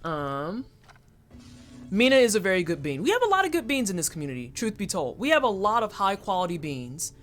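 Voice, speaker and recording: Lively, chatty game streamer. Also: mid-range voice, fairly quick, a little hiss or hum. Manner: chatty, thanks viewers, playful asides. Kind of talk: casual live-stream chat while gaming.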